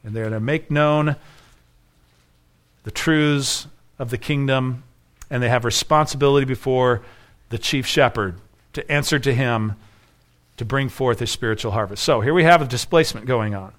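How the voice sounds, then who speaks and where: A man's voice: mid-range voice, moderate pace, long pauses, fairly bright tone. A man preaching an expository sermon as pastor, emphatic and full of rhetorical questions.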